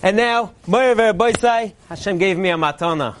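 A man delivering a parody Purim sermon, a mock-earnest preacher cadence and deadpan punchlines. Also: sits high, moderate pace, a little hiss or hum. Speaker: comedian delivering a mock Purim Torah speech.

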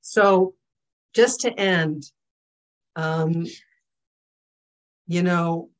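A middle-aged woman giving a Jewish religious lesson, telling stories in an animated, conversational way and checking in with her listeners. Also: lowish voice, extremely slow, rough recording. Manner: animated, conversational, asks the audience "okay?" and "hello?". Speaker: Torah teacher.

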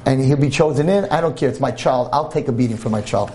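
A man voicing a patient, self-sacrificing mother in a told story, calm and resigned. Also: mid-range voice, fast talker, natural voice.

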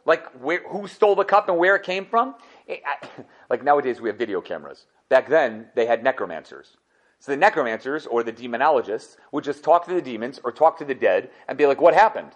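A young man giving an animated Torah class in a conversational way, often acting out the quoted speakers. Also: a little high. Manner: lively, conversational, mixes Hebrew and Yiddish study terms, acts out quotes. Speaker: Torah teacher.

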